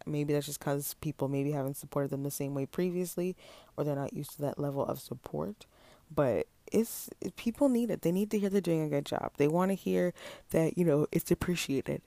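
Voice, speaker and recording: Mellow, gravelly-voiced man chatting solo. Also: fairly high pitch, dry recording. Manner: chatty, rambling, addresses listeners as y'all. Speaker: podcast host. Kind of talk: casual solo podcast monologue.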